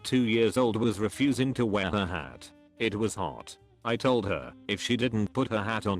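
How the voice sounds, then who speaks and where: Male narrator, low voice, animated delivery, storytelling read. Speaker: narrator reading posts aloud. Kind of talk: scripted narration.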